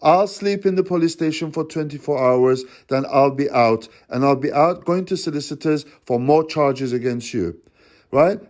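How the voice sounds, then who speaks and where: A man's voice: on the high side, darkish tone. A father on a phone call, accusing and confronting the person on the line in a heated rant. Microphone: phone call recording.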